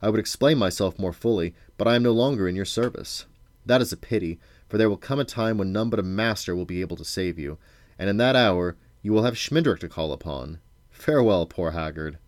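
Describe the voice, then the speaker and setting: Dad voicing proud menacing old wizard, deep low voice, dry close read. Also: male voice, a little fast, no room sound, close to an everyday voice. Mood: scornful. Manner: cold, threatening and scornful.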